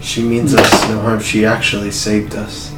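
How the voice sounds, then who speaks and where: A man playing a tabletop game, speaking earnestly and haltingly in character. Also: lowish voice, completely flat delivery, far from the mic. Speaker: player. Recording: echoey room from afar, music behind.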